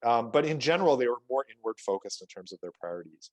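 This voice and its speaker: A man's voice: mid-range voice, expressive, fast, no room sound, low-quality recording. A man giving a virtual talk on his research findings, explaining with frequent fillers and restarts. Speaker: guest lecturer.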